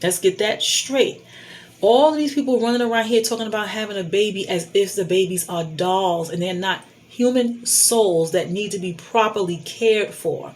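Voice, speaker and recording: A woman's voice: medium pitch, normal speed, darkish tone, slight background noise. Middle-aged woman lecturing into her phone cam, emphatic and preachy, repeats herself for emphasis. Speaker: vlogger giving life advice. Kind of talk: candid advice monologue.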